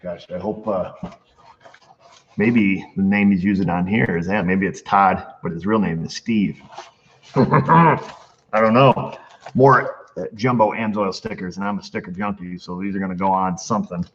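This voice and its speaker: A man's voice: low-pitched, unhurried. A man hosting a casual mail call in his repair shop, joking and reading letters aloud with asides. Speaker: mechanic and channel host. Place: auto repair shop bay. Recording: dull lo-fi sound with faint noise.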